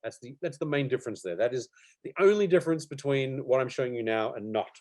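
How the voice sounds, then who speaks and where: A middle-aged man teaches animation in a live online workshop over a video call, speaking at medium pitch and a fast pace. He's relaxed and chatty, using plenty of fillers and soft laughs.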